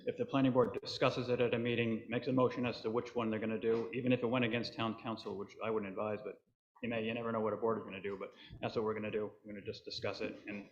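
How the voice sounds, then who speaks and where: Board chair, man, mid pitch, halting procedural delivery, echoey dull meeting-room recording. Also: level tone. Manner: procedural, thinks aloud with fillers. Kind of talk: public meeting discussion. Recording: echoey hall, dull lo-fi sound.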